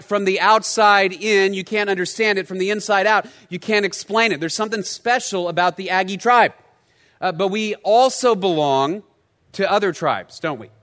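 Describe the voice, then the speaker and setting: A middle-aged male pastor preaching in a church sanctuary, his bright, forceful voice sitting high for a man. He tells stories in a lively way and pokes fun at himself. The sound carries a long hall reverb from the room. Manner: storytelling, animated, self-deprecating humor. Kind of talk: sermon.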